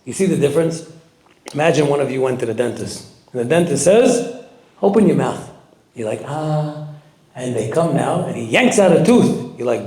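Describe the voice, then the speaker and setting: A man giving a sermon as a rabbi, telling the story with lively acted-out quotes and Hebrew terms. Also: mid-range voice, normal speed. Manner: animated storytelling, acting out quoted voices; sprinkles Hebrew and Yiddish terms. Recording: echoey room.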